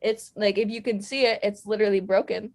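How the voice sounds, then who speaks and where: A woman's voice: medium pitch, steady tone, brisk, a little mellow. A young woman telling stories on a podcast in a casual, rambling way, with lots of fillers. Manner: chatty, rambling, many fillers. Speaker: podcast guest. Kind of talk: casual storytelling.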